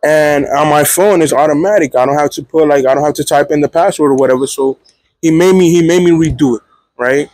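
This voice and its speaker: A young man telling a story to camera as a student vlogger, animated and profane, checking in with the viewer constantly. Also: a little high, a little fast, dry recording. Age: young adult. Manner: animated, profane, keeps checking in with 'feel me', 'right?'. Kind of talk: casual storytelling vlog.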